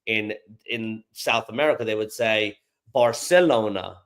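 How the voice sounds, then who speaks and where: A man's voice: fairly low pitch, moderate pace, a bit bright. A man from London, a guest on a podcast interview, explaining things at length with examples and often repeating words as he goes. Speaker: guest, AI company founder.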